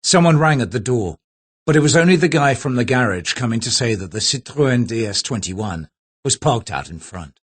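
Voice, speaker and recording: A man narrating a thriller audiobook in a steady, low-key way. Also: normal speed. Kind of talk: scripted narration.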